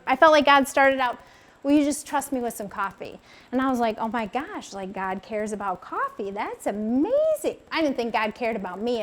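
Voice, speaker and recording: A woman in her thirties telling a personal faith testimony, with lively storytelling, lots of filler words and acted-out quotes. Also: on the high side. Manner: animated storytelling, acts out quoted voices, many fillers of "like". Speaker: speaker sharing a faith testimony.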